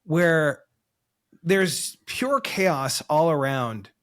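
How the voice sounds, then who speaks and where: A man's voice: a little high, expressive, very slow, fairly bright tone. A man hosting an interview. He asks questions with admiration and searches for words as he talks. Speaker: podcast host.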